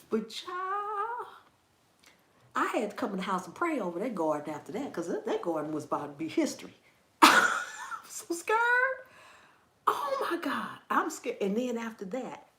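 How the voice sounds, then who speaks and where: A woman hosting a gardening channel chats with her viewers, telling a story in an animated way. She laughs and exclaims often, and her pitch swings high and low. The recording sounds like an echoey room. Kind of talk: casual chat with viewers.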